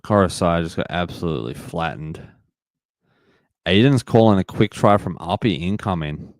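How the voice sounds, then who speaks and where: During a live sports watch-along, the young host gets frustrated at calls, reacts to the action and reads out chat messages. He speaks in a deep, animated voice at a moderate pace, with studio-quality audio and no room sound.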